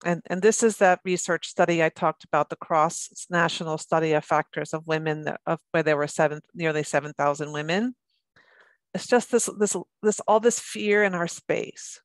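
A middle-aged woman gives a lecture in a somewhat low voice, often stopping to restart her sentences and repeating words as she goes. Her voice is recorded dry and close, with no room sound around it. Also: steady tone, normal speed, no echo. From United States. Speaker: presenter on birth trauma.

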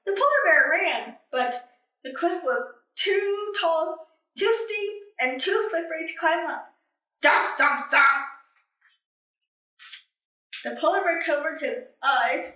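A woman reading a children's picture book aloud, with a high, bright voice that swoops all over as she paces herself slowly. She sounds roomy and echoey, set back from the microphone. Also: distant mic. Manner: expressive and animated. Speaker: storybook reader. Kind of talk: children's story read-aloud. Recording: echoey room, away from mic.

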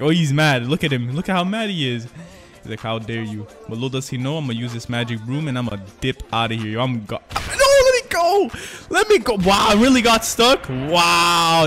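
A young man hosts a gaming channel, offering casual gameplay commentary full of slang and hype and often correcting himself. His voice is mid-range with a fairly bright tone.

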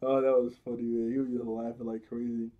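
A young man talks through a cartoon episode in a loose, slangy recap. He gets animated and breaks into laughter often as he retells the scenes. His voice sits at an ordinary middle pitch. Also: brisk, phone-quality sound. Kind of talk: casual recap and commentary.

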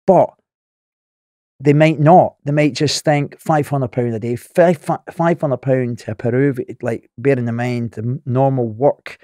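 A middle-aged Scottish man with a thick Glaswegian accent spins a wild story as a podcast guest. He talks in an animated way, swears often and laughs through it, in a mid-range voice with a dry, close sound. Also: mid-range voice, no room sound. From Scotland.

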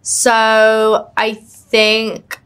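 A woman's voice: fairly high pitch, monotone, drawn-out words, fairly bright tone, clean tone. A young woman being interviewed, chatting casually and giggly with lots of fillers and restarts. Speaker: actress and author being interviewed.

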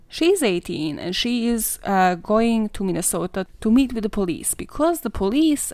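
A woman's voice: medium pitch, animated, moderate pace, hardly any pauses, darkish tone, no echo. A young woman hosting a true crime podcast, sarcastic and swearing freely, laughing at her own jokes. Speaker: podcast host.

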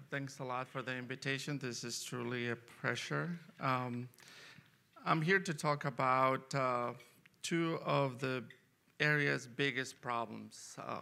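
A man, an economics professor, giving a conference presentation on a university stage with a lively, punchy delivery and sudden loud stresses. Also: medium pitch, gravelly.

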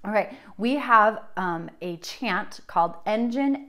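A woman's voice: medium pitch, lively intonation. A young woman teaching a children's music class, encouraging and sing-song, drawing her words out for little kids. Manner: bright, encouraging, slow and drawn out for young children.

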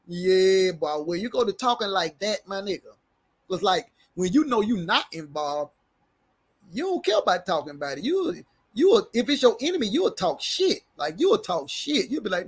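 A reaction commentator with a high, sing-song, slightly rough voice talks at a normal speed. He reads a report aloud in a casual, slangy way, tripping over big words and joking with his viewers.

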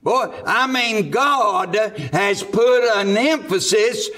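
A man's voice: high-pitched, expressive, slow, sharp tone. A man with a Southern US accent preaching a sermon in a church, fervent and full of "uh" fillers. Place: church sanctuary.

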